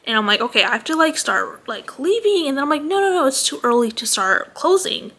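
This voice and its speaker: Anxious, rambling young woman, bright voice. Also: sits high, sing-song, a little fast. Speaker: vlogger. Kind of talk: casual storytime rant. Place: home at night, parents asleep nearby.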